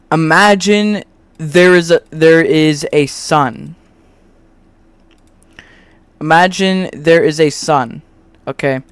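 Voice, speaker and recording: A man's voice: fairly high pitch, clear, resonant tone. A man making a video, reading a script he wrote and explaining an argument while he draws, rambling and often breaking off to restart. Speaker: video creator. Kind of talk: scripted argument over screen drawing.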